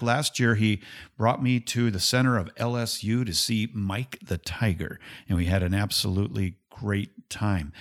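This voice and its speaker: A man hosting an interview show in an easygoing, chatty way. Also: medium pitch. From Minnesota. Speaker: host. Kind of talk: casual interview chat.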